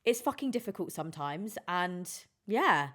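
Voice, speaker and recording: A woman's voice: lowish voice, big pitch swings, normal speed, a bit bright. A woman, a DJ chatting candidly and emotionally on a podcast, swearing freely. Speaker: DJ and guest. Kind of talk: casual podcast chat.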